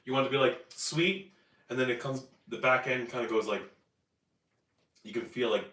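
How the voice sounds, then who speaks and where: A man's voice: medium pitch, normal speed, a bit bright, echoey room, distant mic, low-quality recording. A man from Newfoundland hosting a casual live cooking stream, talking in a rambling, chatty way and correcting himself as he goes. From Newfoundland, Canada. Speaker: cooking show host. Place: home kitchen.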